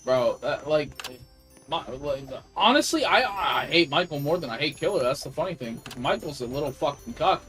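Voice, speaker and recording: A man's voice: fairly high pitch, lively intonation, moderate pace, a bit bright, low-quality recording. A man livestreaming gameplay who rants in a casual, profane, heavily swearing way. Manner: profane, ranting, heavy swearing. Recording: game stream with music playing behind. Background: clear background music.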